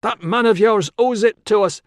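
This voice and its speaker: A male narrator voicing an angry, suspicious young village man who barks accusations in a loud, raised voice, recorded in a dry close studio sound. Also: sits high, moderate pace, no room sound, pitched above the performer's own voice. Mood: hostile. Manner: shouting, accusing. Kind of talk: audiobook character voice.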